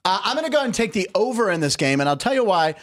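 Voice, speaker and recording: Man co-hosting, chatty, rapid, high voice. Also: sing-song, a bit bright. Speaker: sports show co-host. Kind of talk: casual sports chat.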